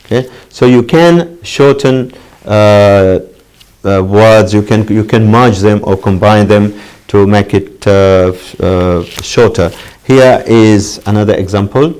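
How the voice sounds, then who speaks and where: A middle-aged man teaching an English lesson for distance learners, halting with many fillers and lifting his voice to model phrases. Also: a little mellow, clean tone. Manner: pitch jumps up when modeling phrases.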